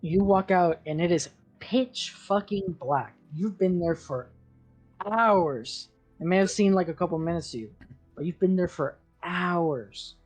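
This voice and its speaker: A man's voice: high-pitched, faint music behind. A man narrating as game master for a tabletop role-playing game, loose and full of fillers. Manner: slow, loose narration with many fillers and restarts.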